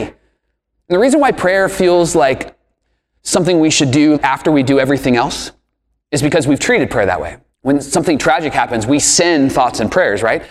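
A man's voice: on the high side, in a large hall. A man preaching a sermon with emphatic delivery, asking rhetorical questions and swinging his voice up and down. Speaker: pastor.

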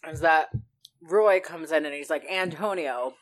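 A woman's voice: low-pitched, normal speed. A woman co-hosting a casual podcast, talking in an easygoing, frank way. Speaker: podcast co-host. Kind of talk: casual chat.

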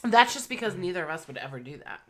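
A woman's voice: on the low side, big pitch swings, quick pace, a bit bright. A woman co-hosting a casual podcast chat, reading out a ritual and giggling and swearing as she goes. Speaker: podcast co-host.

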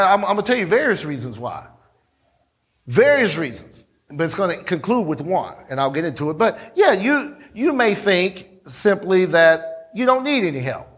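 A pastor preaching a sermon in a church, talking conversationally, repeating himself and calling on the congregation. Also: male voice, high voice, big pitch swings, moderate pace, a bit bright. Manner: conversational, repetitive, calls on the congregation.

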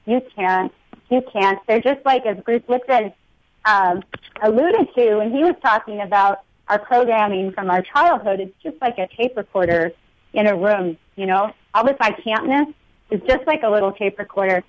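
A woman's voice: medium pitch, moderate pace, no room sound, lo-fi sound. Earnest woman guest, uplifting spiritual chat, dry close sound. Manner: earnest, uplifting, with filler words. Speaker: guest speaker, healer. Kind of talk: spiritual talk-show conversation.

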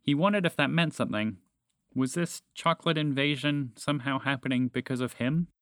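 A man narrating a children's storybook in a calm, even reading manner. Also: medium pitch, a little fast, no echo, studio quality.

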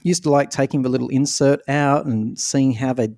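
Chatty Australian man, gravelly voice. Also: medium pitch, fairly even intonation, moderate pace, a little mellow, no echo, clean studio sound. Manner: teasing, chatty. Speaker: podcast host. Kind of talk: casual podcast chat.

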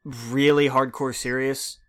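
A man's voice: medium pitch, little pitch movement, slow pace, a bit bright, clear, resonant tone. Man, casual chat, eager explainer, stumbles over his starts. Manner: enthusiastic and explanatory, with stammered restarts.

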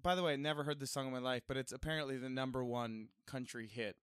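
A man's voice: mid-range voice, fairly even intonation, fast, clear, resonant tone, no echo, clean studio sound. A young man co-hosting a casual comedy podcast, laughing often and teasing his friends. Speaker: podcast co-host. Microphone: close studio mic.

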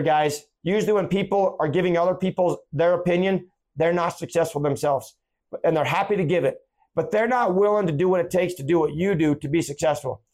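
A man hosting a podcast, telling a personal anecdote in a casual, animated way and acting out what people said. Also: high voice. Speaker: podcast host. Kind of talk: casual storytelling monologue.

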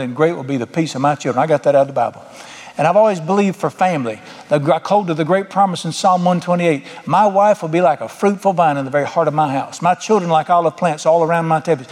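A man's voice: sits high, lively intonation, fast, darkish tone. A middle-aged man preaching a sermon as pastor, folksy, with emphatic bursts. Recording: long hall reverb.

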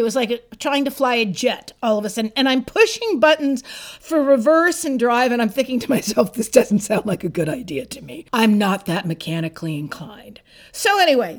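A woman of sixty-seven telling a personal story in a casual, animated and exasperated way. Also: high voice. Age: 60s.

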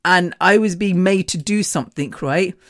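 A woman with a lowish voice hosts a podcast, telling a personal story at a moderate pace. Her casual monologue is frank and chatty, and she laughs often between sentences.

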